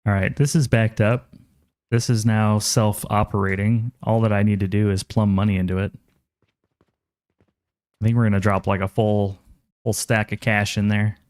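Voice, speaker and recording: Low-voiced man streaming a game, dry. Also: moderate pace, long pauses, dry recording. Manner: relaxed, chatty, thinks aloud and reads chat aloud. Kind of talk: casual gameplay commentary.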